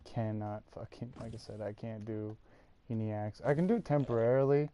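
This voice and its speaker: A man's voice: fairly low pitch, fairly quick, dark tone, muffled recording, a little hiss or hum. A man from the United States chatting casually, loose and fumbling, swearing freely. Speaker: roleplay streamer. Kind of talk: casual chat.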